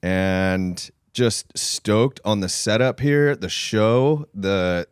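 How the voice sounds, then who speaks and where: A podcast guest, a man with a lowish, smooth voice, speaks in a slow, easygoing way. The close studio sound is dry and clean. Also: dry recording. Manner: laid-back, easygoing. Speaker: guest, brand co-founder. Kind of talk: casual chat.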